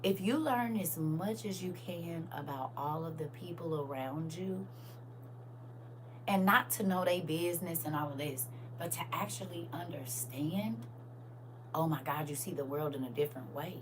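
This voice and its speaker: A woman hosting a casual livestream chat, talking straight to her viewers in a playful, animated way and laughing often. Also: low-pitched, normal speed, slight background noise. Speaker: livestream host.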